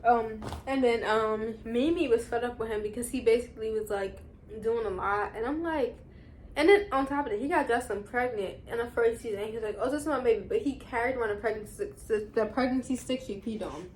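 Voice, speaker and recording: A young woman vlogger talks straight to her audience in a loose, rambling way, jumping into side comments as she recaps. Her voice sits a little high, with a faint hiss of noise behind it. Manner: chatty, rambling recap with quick asides. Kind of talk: casual chat.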